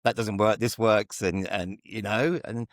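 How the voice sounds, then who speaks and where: Low-voiced male podcast host. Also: fairly even intonation, a little slow, no room sound, clean studio sound. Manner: affirming, asks questions with hesitations. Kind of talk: casual interview.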